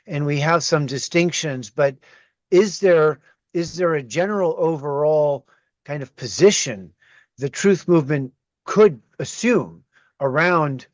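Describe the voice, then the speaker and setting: A man's voice: on the high side, dry recording. Probing moderator man, dull lo-fi sound. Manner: thoughtful, probing questions. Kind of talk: moderating a discussion. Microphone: video call.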